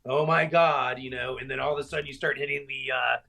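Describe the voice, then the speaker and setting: A man from Middle Tennessee, a professional wrestler talking as a podcast guest, rambling with lots of fillers and growing animated as he retells stories. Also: mid-range voice, fast, creaky. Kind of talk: casual podcast storytelling.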